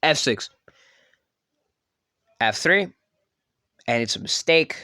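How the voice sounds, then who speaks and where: Male commentator with a bright, crisp voice. Rambling and self-correcting. Dry, close mic. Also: medium pitch, lively intonation, takes it slowly, dry recording. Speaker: chess channel creator. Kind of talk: casual game commentary.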